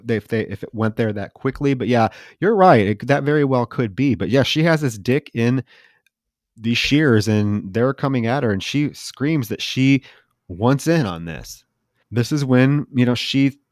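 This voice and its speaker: A man recaps a horror film scene by scene for a podcast, and he jumps into the characters' lines as he tells it. His voice is close and dry, with no room sound around it. His pitch is average for a man. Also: normal speed, no echo. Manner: animated retelling, acts out characters' lines. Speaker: podcast co-host.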